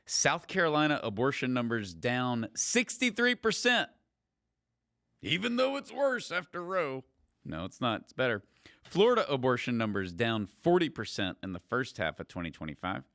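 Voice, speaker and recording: A man's voice: medium pitch, bright, forceful tone, no echo, studio quality. A man co-hosting a podcast, joking in casual chat and reading out statistics. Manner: joking, upbeat, reads out statistics. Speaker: podcast co-host.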